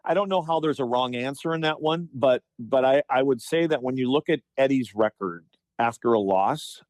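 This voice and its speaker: A man in his fifties, a former hockey player, telling animated stories on a podcast with lots of restarts. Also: mid-range voice, normal speed, no echo. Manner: animated anecdotes, frequent restarts and profanity in quotes. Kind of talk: casual storytelling chat.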